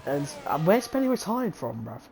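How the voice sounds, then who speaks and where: A man giving live race commentary, excitable and jokey, swearing and tossing in slang as he banters with his co-commentator. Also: on the high side, normal speed, creaky, heavy background noise. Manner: excitable, sweary, jokey, keeps tagging "bruv". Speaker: sim racing commentator.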